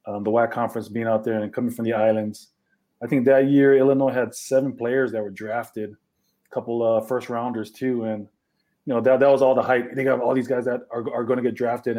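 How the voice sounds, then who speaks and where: Man, from Hawaii, former football player, interview guest, mellow warm voice, relaxed. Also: medium pitch. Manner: relaxed, many "you know" and "uh" fillers. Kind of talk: casual interview.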